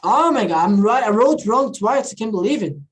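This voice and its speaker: Woman, online teacher, chatty, keeps checking in, slightly high voice. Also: lively intonation, moderate pace, poor audio. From not from the country where she teaches. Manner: chatty, repeats "all right, guys?" and switches into Portuguese. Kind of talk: casual online class teaching.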